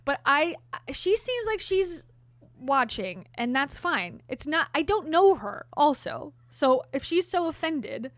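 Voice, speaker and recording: A woman's voice: high voice, very animated, slow pace, fairly bright tone, no room sound. Chatty woman vlogger, dry close sound. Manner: chatty, candid, with sarcastic asides. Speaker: vlogger host. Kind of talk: casual storytelling to camera.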